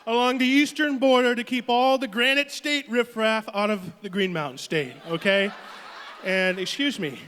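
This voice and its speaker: A man's voice: very high voice, bright, forceful tone, a little hiss or hum, pitched above the performer's own voice, heavily acted. A man doing an impression of a boastful, blustering male politician on a comedy stage. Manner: bragging, repetitive catchphrases. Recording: long hall reverb.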